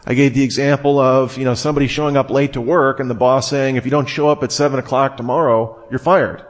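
A man giving expository Bible teaching, explaining a passage step by step and reading scripture aloud in a measured way. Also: medium pitch, fairly even intonation.

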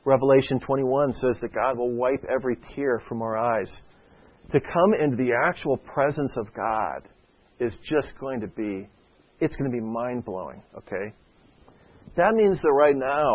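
Male preacher at a medium pitch, chatty and anecdotal, on a dull lo-fi recording. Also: expressive, normal speed. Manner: conversational, often adds "okay?". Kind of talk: sermon with a personal story. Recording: dull lo-fi sound.

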